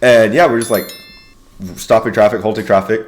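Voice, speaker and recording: A young man telling a wild story in a slangy, profane, excitable way, often calling his listeners bro. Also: on the low side, moderate pace, noisy background. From United States. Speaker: YouTuber and Air Force veteran. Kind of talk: casual storytelling.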